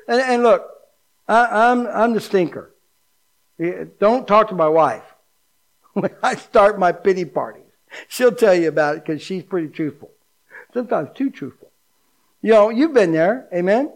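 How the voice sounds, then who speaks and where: Animated high-voiced man preaching. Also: unhurried, long pauses. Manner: animated preaching, dropping to hushed, low emphasis. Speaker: pastor. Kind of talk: sermon.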